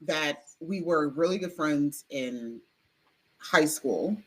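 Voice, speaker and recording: A young woman co-hosting a podcast in casual, chatty talk, expressive and rambling with fillers. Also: deep voice, takes it slowly, slightly rough, low-quality recording. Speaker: podcast co-host. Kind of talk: casual chat. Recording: faint background noise.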